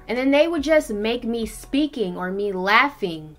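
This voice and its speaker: A woman in her twenties chatting bluntly while doing her makeup, with a lot of swearing and animated storytelling. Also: fairly high pitch, measured pace, few pauses, soft background music. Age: 20s. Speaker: beauty vlogger.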